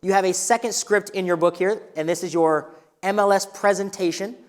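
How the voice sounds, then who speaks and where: A man teaching a live real estate workshop in an energetic, coaching way, asking the room questions. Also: high-pitched, a little fast. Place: training room with a live audience. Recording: long reverb of a hall.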